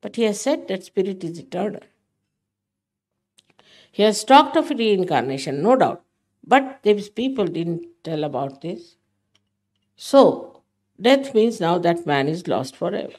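A woman's voice: mid-range voice, very animated, measured pace, long pauses, darkish tone. An older woman giving a spiritual talk to her followers, emphatic and motherly, often scolding. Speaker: spiritual teacher.

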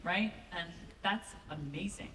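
A woman answering on a convention panel, animated and effusive, restarting her sentences. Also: on the low side, a little slow, a little hiss or hum. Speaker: panel guest actor. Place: large convention hall. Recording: echoey hall recorded from far off with crowd.

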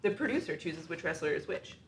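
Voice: medium pitch, expressive, a little fast, vocal fry, reverberant, crowd noise. A person reading out the prompts of a party game like an announcer. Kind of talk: casual game play chat.

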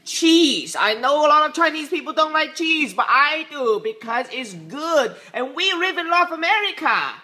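A young man hosting a comedic vlog, ranting loudly and excitedly about his day. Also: extremely high pitch, normal speed, few pauses. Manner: loud, excitable comic ranting. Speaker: vlogger.

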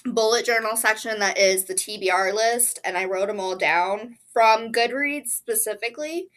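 A woman's voice: a little high, normal speed, a bit bright. A woman chatting casually about her reading, sick and interrupting herself with coughs and sneezes. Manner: chatty, apologetic, with fillers. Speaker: book vlogger. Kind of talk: casual chat.

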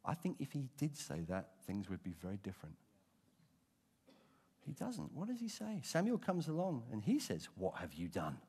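A middle-aged British man preaching a sermon in a church, dramatic and expressive, moving from hushed asides to emphatic points. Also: on the high side, moderate pace, breathy edge. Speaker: pastor. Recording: long reverb of a church hall.

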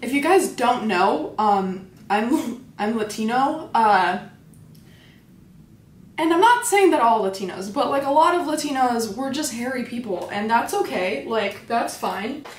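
Young woman, comedic makeup host, fairly high voice, sarcastic self-deprecating delivery, roomy echo. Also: expressive, a little slow, slight background noise. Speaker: comedy influencer hosting a makeup tutorial. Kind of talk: casual makeup tutorial with jokes. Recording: echoey room.

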